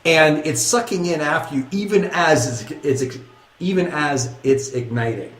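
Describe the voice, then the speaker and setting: A man running a tabletop game as game master, narrating action in a lively, rambling way that keeps correcting itself. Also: a little high, measured pace, reverberant.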